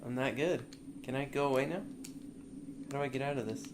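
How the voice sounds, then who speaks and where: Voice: medium pitch, brisk, noisy background. A let's play player chatting casually while playing a game, laid-back and self-mocking. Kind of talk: casual gameplay chat. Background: game music.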